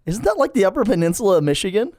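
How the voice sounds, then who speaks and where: A man's voice: sits high, big pitch swings, very fast, darkish tone, no echo, clean studio sound. A man, a priest, interviewing a guest in a joking, playful way, often trailing off mid-sentence. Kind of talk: casual chat.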